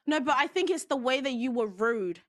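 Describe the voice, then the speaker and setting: A woman's voice: high-pitched, expressive, fairly quick. A young woman guest on a podcast debate, defensive and indignant as she argues back. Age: young adult. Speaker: panel guest. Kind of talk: heated debate.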